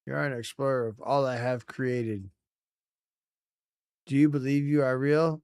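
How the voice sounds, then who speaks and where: A man's voice: medium pitch, steady tone, a little mellow, clear, resonant tone, no room sound, studio quality, natural voice. A man reading as a solemn cosmic entity. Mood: questioning. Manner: slow, solemn reading of game dialogue. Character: ancient all-knowing cosmic entity judging a traveler.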